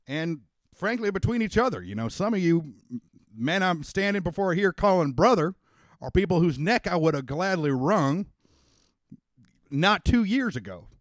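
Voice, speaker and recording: Man playing a dad turned stump speaker, folksy and rousing, lifted pitch and volume, dry close mic. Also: animated, moderate pace, dry recording. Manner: folksy stump-speech oratory, crowd-rousing. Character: folksy rousing Texan father and politician, middle-aged man.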